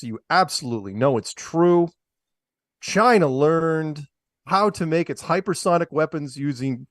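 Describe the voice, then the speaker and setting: A podcast co-host with a fairly high voice reads news items aloud on a talk show and mocks them with sarcastic asides, in casual commentary on news clips. The recording is dry, clean studio sound.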